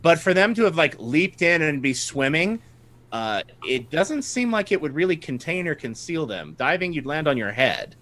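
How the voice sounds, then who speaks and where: A man's voice: fairly high pitch, sing-song, normal speed, fairly bright tone. A man running a tabletop game as game master, narrating the scene to his players and laughing often.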